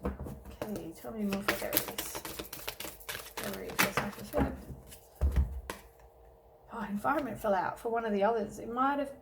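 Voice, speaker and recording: A woman's voice: mid-range voice, normal speed, vocal fry, pauses often, very noisy. A woman giving a casual tarot reading, tired and yawning, rambling with many ums and self-corrections. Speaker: tarot reader.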